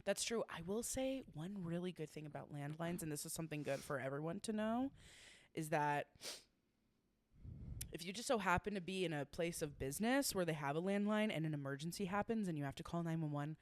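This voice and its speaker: A woman's voice: lowish voice, animated, brisk, dry recording. A young woman co-hosting a podcast, chatting casually and telling stories bluntly, with plenty of swearing and laughter. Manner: blunt, profane, laughing storyteller. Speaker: podcast co-host. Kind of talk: casual chat.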